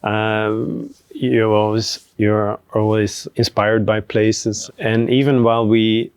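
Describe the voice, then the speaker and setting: A man talking casually on a podcast about running a venue, relaxed and hesitant with many fillers. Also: on the low side, gravelly, no room sound. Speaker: venue team member.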